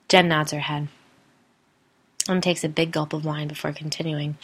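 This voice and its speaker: A woman narrator giving a plain, even-toned first-person story reading. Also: low voice, normal speed, long pauses, slightly rough. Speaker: audiobook narrator.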